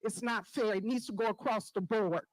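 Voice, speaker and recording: A woman's voice: medium pitch, moderate pace, no room sound, poor audio. Resident woman, mid voice, dry mic, firm and fed up. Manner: firm, disappointed, demanding answers. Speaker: resident speaking at public comment. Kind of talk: public comment at a village board meeting. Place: village board meeting room.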